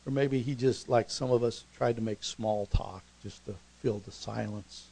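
A middle-aged man preaching a storytelling sermon, conversational and animated, and acting out scenes along the way. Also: medium pitch, moderate pace, gravelly, low-quality recording.

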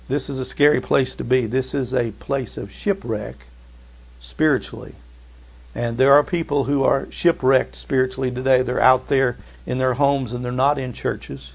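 A middle-aged man preaching a sermon, dropping to slow, hushed emphasis and climbing to loud, excited peaks. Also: medium pitch, gravelly. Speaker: pastor.

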